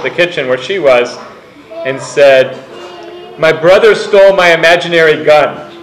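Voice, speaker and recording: Man telling stories in an echoey room. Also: a little high. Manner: anecdotal, acts out quoted voices. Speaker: author giving a book talk. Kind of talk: storytelling talk to a live audience.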